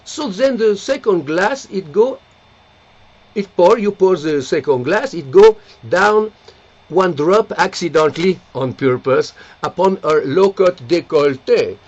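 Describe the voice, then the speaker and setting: A man's voice: sits high, lively intonation, measured pace, lo-fi sound. A man playing an amorous, theatrical Frenchman in a put-on French accent with broken English. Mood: boastful.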